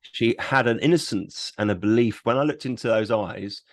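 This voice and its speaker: A chatty man co-hosts a relaxed review show. His voice sits on the low side. The recording is dry and close. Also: moderate pace, no echo. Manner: chatty, agreeable, laughs often. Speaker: show co-host. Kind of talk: casual review chat.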